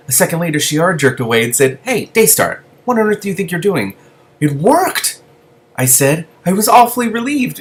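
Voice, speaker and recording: A man reading a novel aloud and breaking in with gushing asides. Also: medium pitch. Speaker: reader.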